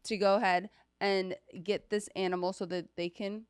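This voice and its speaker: A woman's voice: mid-range voice, level tone, moderate pace, clear, resonant tone, no room sound, studio quality. A woman hosting a podcast, restating her guest's points with emphasis. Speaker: podcast host. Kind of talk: casual podcast chat.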